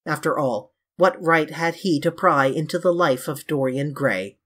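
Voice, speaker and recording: A reader narrating a classic novel in a measured, even storytelling manner. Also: mid-range voice, husky. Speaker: audiobook narrator. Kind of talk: classic novel audiobook reading.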